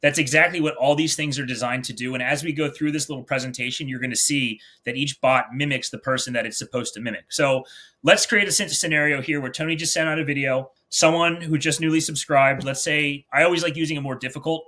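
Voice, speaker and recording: A man from New Jersey walks through a screen-share demo at a rapid clip. His voice sits a bit high and cuts through sharp and forceful. He pitches hard and drops a curse word without slowing down. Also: fairly even intonation. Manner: blunt, salesy, swears casually. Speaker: fitness business presenter.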